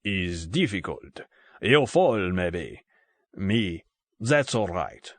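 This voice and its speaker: A man voicing a tall Russian gunman in an audiobook, with a thick Russian accent, speaking slow broken English in short clipped commands. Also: low voice, big pitch swings, dry recording, pitched below the performer's own voice, full character voice. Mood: mocking. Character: tall sniggering Russian gunman, good-humoured menace. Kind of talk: audiobook character voice.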